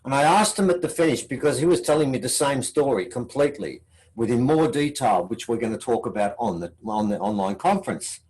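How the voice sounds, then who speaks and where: An Australian man giving a conference talk tells a story and acts out its dialogue, shifting pitch for the quoted lines. His voice is animated, fairly quick, and darkish in tone, and the audio is poor.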